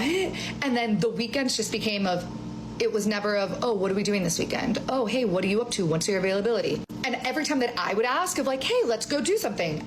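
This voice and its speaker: A young woman tells a personal story in a chatty way, filling it with "like" and acting out the lines she quotes. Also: medium pitch. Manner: chatty, heavy use of like, acts out quoted lines. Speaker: interviewee in a played clip. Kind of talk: casual storytelling. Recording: noticeable background noise.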